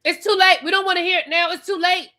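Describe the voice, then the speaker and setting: A woman imitating a dismissive woman who scolds and lectures in a high, loud, repetitive voice. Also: fairly even intonation, fast talker. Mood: scolding.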